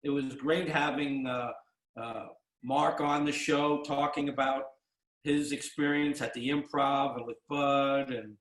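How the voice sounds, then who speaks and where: A man in his sixties hosting a casual interview, telling stories in a rambling, halting way with many restarts. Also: medium pitch, level tone, a bit bright. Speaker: podcast host. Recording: roomy echo.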